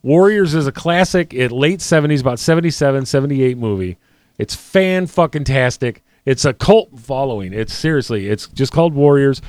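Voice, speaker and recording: A middle-aged man hosting a casual chat show, loud, profane and excitable as he tells stories. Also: mid-range voice, normal speed, no room sound. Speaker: podcast host.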